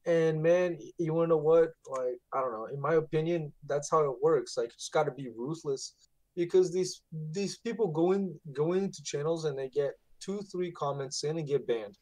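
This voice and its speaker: A man who moderates a streamer's channel, chatting on a live stream in an emphatic, animated way. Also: on the high side, normal speed, dry recording. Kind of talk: casual live-stream chat.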